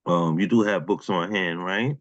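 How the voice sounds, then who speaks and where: A man's voice: deep voice, normal speed, no echo, dull audio. A man hosting an online open mic, chatting casually and affectionately with the poets over a video call. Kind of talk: casual emcee chat.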